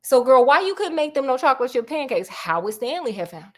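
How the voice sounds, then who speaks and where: Woman storyteller, casual and animated book retelling, slightly high voice. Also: fast talker. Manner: animated, joking asides.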